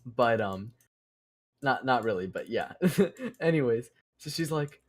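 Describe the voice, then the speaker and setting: With an expressive mid-range voice and a slightly slow delivery, a young man tells a story on his podcast while gaming. It's a casual, profane ramble full of restarts and laughter.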